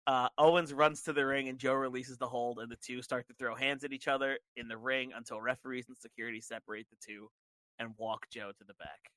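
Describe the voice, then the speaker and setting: A man's voice: mid-range voice, fairly even intonation, fairly quick, a bit bright, no echo, rough recording. A man co-hosting a casual podcast, recapping events step by step. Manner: narrates events step by step with fillers. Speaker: podcast co-host. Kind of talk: casual chat, recapping a wrestling show.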